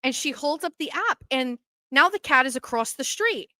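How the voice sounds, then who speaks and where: A woman, hosting a podcast and telling a story in casual, animated fashion, acting out what other people said. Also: sits high, normal speed, no room sound. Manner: animated, acts out quoted voices. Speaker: podcast host.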